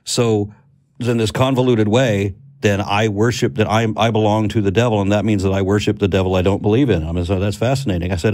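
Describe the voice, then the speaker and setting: A man co-hosting a podcast, talking in a rambling, jokey, animated way. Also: on the low side, brisk. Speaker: podcast co-host. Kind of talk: casual panel discussion.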